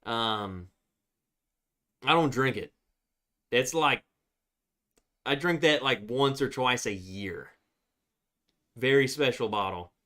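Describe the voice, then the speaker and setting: A man's voice: medium pitch, slow, pauses often, fairly bright tone. A man casually chatting on a live stream, rambling with lots of fillers and restarts. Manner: rambling, filler-heavy, baby talk to his dog.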